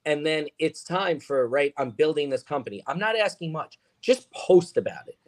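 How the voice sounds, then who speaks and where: A man's voice: fairly high pitch, animated, moderate pace. A man talking as a podcast guest, emphatic and rambling with lots of fillers. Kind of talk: casual chat.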